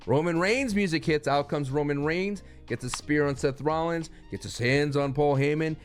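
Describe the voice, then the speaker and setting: A man giving a casual, excitable recap of a wrestling show, rambling and slangy, with stops and restarts. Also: a little high, normal speed, faint music behind.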